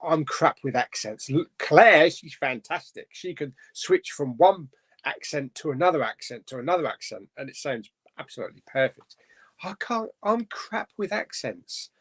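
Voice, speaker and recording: A man's voice: fairly high pitch, expressive, normal speed, a bit bright, slightly rough. A man hosting a casual live stream chat, reading out viewer comments and chatting about them.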